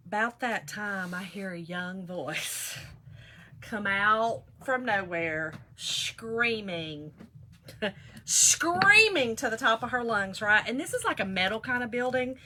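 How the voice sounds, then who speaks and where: A woman chats and tells stories to her viewers as she works on a craft. Her voice sits a bit high and bright and swings all over the place. She keeps calling out to her audience in a casual, animated way. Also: slight background noise. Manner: chatty, animated, addresses viewers as y'all. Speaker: craft vlogger. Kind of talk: casual storytelling while crafting.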